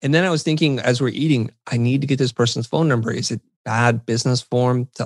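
A middle-aged man recounts his experiences as a podcast guest, slipping into quoted dialogue and poking fun at himself. His voice is mid-pitched and even. The recording is dry and close, with no room sound. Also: quick pace, no room sound. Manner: animated, self-deprecating anecdotes with quoted dialogue. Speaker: interview guest. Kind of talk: conversational storytelling.

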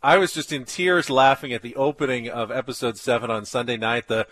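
A man's voice: mid-range voice, fairly even intonation, fairly quick, fairly bright tone, no room sound. A man co-hosting a sports radio show, recounting anecdotes and laughing easily. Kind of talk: casual radio chat.

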